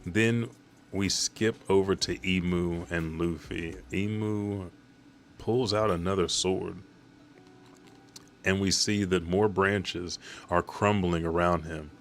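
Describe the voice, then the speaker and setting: A man with a deep voice recapping a comic chapter in a loose, rambling way. He swears freely and backtracks as he goes. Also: fairly even intonation, slow pace, a little hiss or hum. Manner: casual, profane, rambling. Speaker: manga chapter reviewer.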